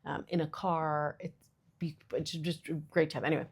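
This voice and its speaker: A chatty mom in her thirties hosts her podcast solo, wandering from thought to thought with plenty of filler words and jokes at her own expense. Her voice sits on the low side and carries a gravelly fry. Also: little pitch movement, moderate pace. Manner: chatty, rambling, self-deprecating, many fillers. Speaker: podcast host. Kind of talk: casual solo monologue.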